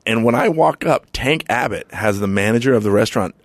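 A man's voice: medium pitch, fairly quick, dry recording. A man hosting a casual podcast chat, telling stories and laughing often. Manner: animated storyteller, laughs often. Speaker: podcast host.

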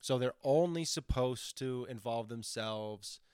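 A man's voice: mid-range voice, unhurried, clean tone, dry recording, clean studio sound. A man co-hosting a podcast in casual chat, rambling and swearing as he riffs. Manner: rambling, swearing, animated riffing. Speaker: podcast co-host.

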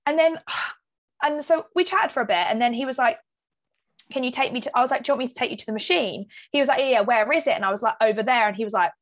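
A young woman chats casually as a podcast co-host. She tells lively stories and acts out what people said, with plenty of "like" fillers. Her voice sits a little high. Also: quick pace. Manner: lively anecdotes, acts out quotes, many "like" fillers. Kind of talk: casual chat, storytelling.

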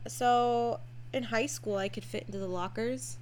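A woman's voice: a little high, steady tone, moderate pace, darkish tone, a little hiss or hum. A woman co-hosting a podcast, chatty and teasing in casual conversation. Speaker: podcast co-host. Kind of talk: casual chat.

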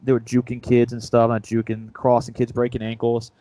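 A young man co-hosting a sports podcast, retelling a story in a rambling, self-mocking way. His voice sits at a middle pitch and sounds dry and close to the mic, with no room echo. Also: completely flat delivery, a little fast, dark tone. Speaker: podcast co-host. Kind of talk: casual storytelling chat.

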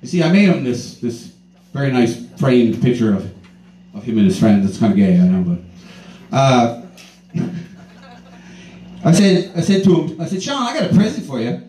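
A man's voice: medium pitch, sing-song, moderate pace, pauses often, dark tone. A man in his twenties doing a stand-up comedy set, telling a rambling, profane story. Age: 20s. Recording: roomy, distant mic, faint ambience.

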